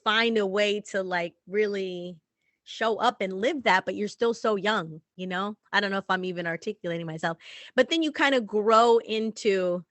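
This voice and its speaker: A woman's voice: mid-range voice, normal speed, a bit bright, dry recording. A woman hosting a podcast interview, talking reflectively as if thinking aloud. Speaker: podcast host. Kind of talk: casual interview conversation.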